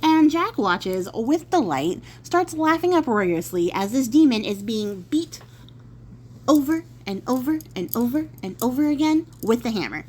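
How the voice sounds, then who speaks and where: A woman's voice: on the high side, very animated, moderate pace, a little mellow, slight background noise. A woman telling a folk tale in a casual, chatty way, with playful asides. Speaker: storyteller. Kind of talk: casual spoken storytelling.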